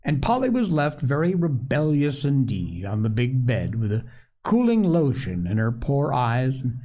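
A man reading a classic children's story aloud, in an unhurried, expressive way. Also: medium pitch. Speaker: narrator.

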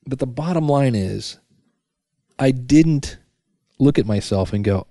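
A man's voice: medium pitch, lively intonation, unhurried, warm tone, dry recording, studio quality. A middle-aged man hosting a casual solo podcast from his basement, chatty and full of restarts and self-talk asides. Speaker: podcast host. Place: home basement. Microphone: studio microphone.

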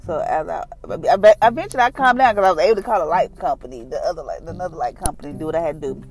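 A woman's voice: low voice, racing, faint music behind. Earnest middle-aged woman sharing devotional testimony. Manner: conversational, earnest, animated storytelling with many fillers. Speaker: devotional podcast host. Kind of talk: casual devotional talk and personal testimony.

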